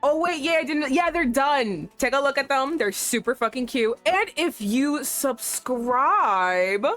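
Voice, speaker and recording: A young adult woman streaming a game, chatting casually in a playful, animated way and laughing often. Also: high-pitched, normal speed, faint music behind. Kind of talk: casual gameplay commentary.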